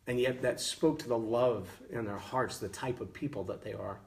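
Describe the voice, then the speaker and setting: A man's voice: medium pitch, moderate pace, creaky, far from the mic. Guy, middle-aged, earnest story talk, kinda off-mic, trips over words a lot. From Texas, USA. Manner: earnest, often restarts with repeated words. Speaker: show host giving leadership lessons.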